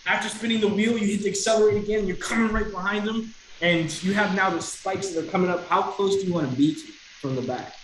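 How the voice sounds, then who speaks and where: A man's voice: sits high, quick pace, few pauses, fairly bright tone, reverberant, slight background noise, poor audio. A man running a tabletop game as game master, walking players through actions step by step.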